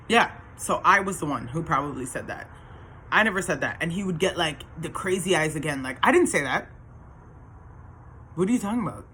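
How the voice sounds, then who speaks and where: A woman's voice: fairly low pitch, sharp tone, a little hiss or hum. A woman telling her own story in a casual, earnest monologue that rambles, with many restarts and fillers.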